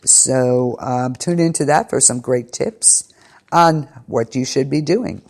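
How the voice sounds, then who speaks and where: Woman host, gravelly voice, rambling and casual, pre-recorded show wrap-up. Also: extremely low pitch, takes it slowly, darkish tone. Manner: rambling, with many ums and restarts. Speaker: internet radio show host. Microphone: studio mic, pre-recorded.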